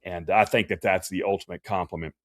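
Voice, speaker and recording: Man, lowish voice, dry close sound, folksy and chatty, Santa performer answering questions on a livestream. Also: steady tone, brisk, no echo. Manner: folksy, chatty, with many fillers and restarts. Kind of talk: casual livestream Q&A.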